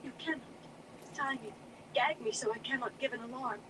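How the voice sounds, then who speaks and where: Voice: mid-range voice, a little fast, far from the mic, noisy background, pitched above the performer's own voice, close to an everyday voice. A hobby reader voicing a frightened captive woman who pleads in a fantasy audiobook. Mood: pleading.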